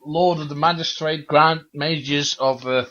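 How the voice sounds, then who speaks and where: A man's voice: a little high, steady tone, measured pace, bright, forceful tone. A man co-hosting a casual chat over a video call, playful and teasing. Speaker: podcast co-host. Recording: dull lo-fi call audio.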